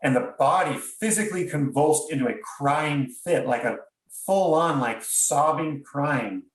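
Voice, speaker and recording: A man's voice: fairly high pitch, unhurried. A man, a podcast guest, tells a personal story in an earnest, reflective way, often stopping and restarting his sentences. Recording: roomy sound, distant from mic.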